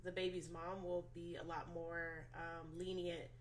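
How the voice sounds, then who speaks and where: Frank, expressive woman guest. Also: fairly low pitch, a little slow, slight background noise. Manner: frank and expressive, swears freely, acts out quotes. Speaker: podcast guest. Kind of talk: casual chat.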